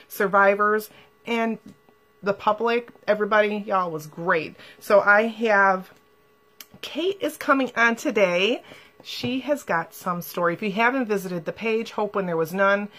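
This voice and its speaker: A woman's voice: mid-range voice, a bit bright. A woman hosting a live stream, talking casually and emotionally to viewers and reading their comments aloud.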